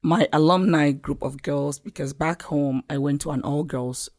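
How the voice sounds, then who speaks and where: A woman's voice: low-pitched, fairly even intonation, moderate pace, darkish tone. A woman from Cameroon with a Cameroonian accent, talking earnestly as a podcast guest in a casual interview.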